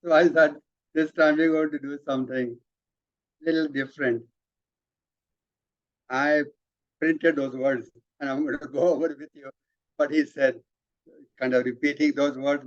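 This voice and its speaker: A man leading a spiritual study session, explaining emphatically with repeated words and halting restarts. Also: mid-range voice, steady tone, dry recording. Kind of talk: explanatory talk, reading out and commenting. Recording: dull lo-fi, dry sound.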